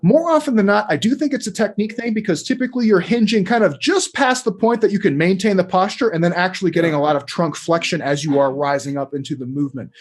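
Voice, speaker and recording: A man co-hosting a casual fitness webinar, talking in a relaxed, agreeable way with many hedges. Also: high voice, fast, few pauses.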